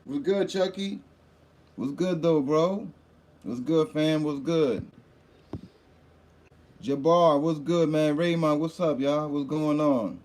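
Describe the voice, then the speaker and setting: A man hosting a casual livestream, shouting hype greetings to viewers by name and rambling in loose asides, a little hungover. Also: a little high, slow, pauses often, a little hiss or hum. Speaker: livestream host.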